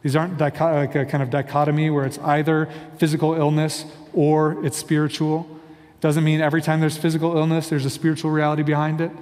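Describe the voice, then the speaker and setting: A man's voice: on the high side, completely flat delivery, quick pace, darkish tone, in a large hall. A man preaching a sermon in an earnest, conversational way, often hedging with fillers. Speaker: pastor.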